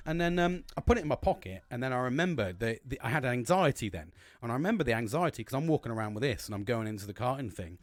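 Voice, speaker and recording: A man's voice: medium pitch, quick pace, no echo. A man hosting a podcast, telling a long story casually, rambling and swearing often. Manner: animated, heavy swearing, rambling with restarts. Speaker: podcast host.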